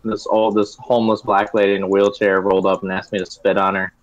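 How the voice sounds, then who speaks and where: A man's voice: fairly low pitch, flat delivery, fast, muffled recording, heavy background noise. A young man chatting casually on a friends' podcast, blunt and crude in his remarks. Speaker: podcast co-host. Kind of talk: casual chat among friends.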